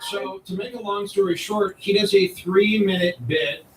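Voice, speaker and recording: A man's voice: high-pitched, steady tone, normal speed. A man hosting a commentary video, reacting to clips with incredulous sarcasm. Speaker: commentary host. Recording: echoey room, distant mic, faint noise.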